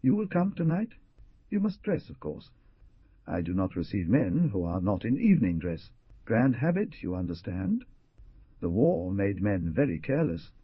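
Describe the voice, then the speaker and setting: A man's voice: fairly low pitch, very animated, normal speed, slightly rough, no room sound, muffled recording. A man voicing a stout, elderly, foreign-born hostess who fusses and scolds in formal phrasing, with a foreign accent. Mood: fussing.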